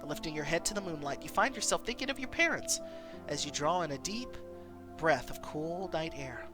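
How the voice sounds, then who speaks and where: A woman's voice: low voice, expressive, normal speed, over music. A woman streamer reading an interactive story game aloud, taking viewer votes and exclaiming often.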